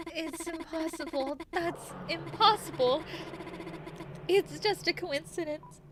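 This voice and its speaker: A woman voicing a frightened, timid young reindeer girl in a game, reading her lines in a hushed, shaky way. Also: very high-pitched, slow pace, noisy background. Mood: shaken.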